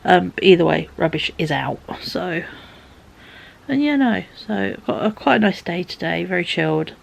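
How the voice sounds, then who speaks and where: A woman vlogging in a casual, rambling way, her voice a little croaky and tight. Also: on the low side, animated, normal speed. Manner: rambling, chatty, laughs often. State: slightly croaky voice. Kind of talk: casual chat to camera.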